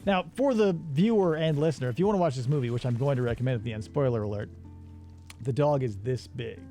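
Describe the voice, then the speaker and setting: A man hosting a casual movie-review show, retelling a plot in an animated, sarcastic way. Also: medium pitch, quick pace, faint music behind. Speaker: radio show host.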